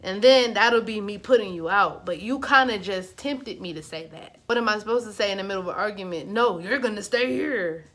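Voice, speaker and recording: A woman's voice: mid-range voice, fairly quick, hardly any pauses, fairly bright tone. Chatty woman telling a storytime. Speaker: vlogger. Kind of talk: casual storytime.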